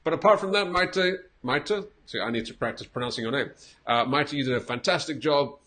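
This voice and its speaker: A man's voice: fairly high pitch, brisk, bright, forceful tone. A man teaching English, patiently correcting a learner's recording with repeated example phrases and small laughs. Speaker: English teacher giving feedback. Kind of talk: casual spoken lesson.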